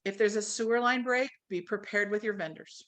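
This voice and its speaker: A woman's voice: medium pitch, a little fast, a bit bright. A woman teaching a real estate training class to a live audience, talking animatedly and acting out quoted phone calls.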